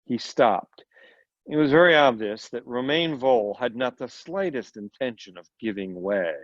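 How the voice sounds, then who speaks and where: A man's voice: mid-range voice, expressive, normal speed, dry recording. A man, a volunteer reader, reading a short story aloud with occasional slips and brief asides. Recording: dull lo-fi recording.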